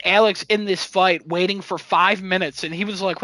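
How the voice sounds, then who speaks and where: A man's voice: sits high, steady tone, a little fast, hardly any pauses, pushed and bright, no echo, rough recording. A young man casually telling a funny story about his video game, acting out quotes and laughing often. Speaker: podcast co-host.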